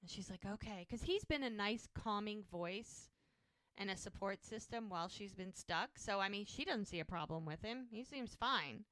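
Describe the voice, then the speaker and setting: A woman's voice: medium pitch, expressive, normal speed, a bit bright, dry recording. A woman co-hosting a podcast, retelling a TV episode in casual chat and acting out the characters' lines. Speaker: podcast co-host.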